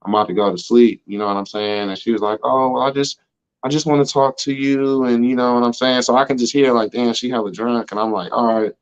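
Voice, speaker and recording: American man, mid-pitched voice, slangy storytelling, dull lo-fi recording. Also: fairly even intonation, fairly quick, smooth. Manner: loose and slangy, full of "you know what I'm saying" asides. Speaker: interview guest. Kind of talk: casual storytelling chat.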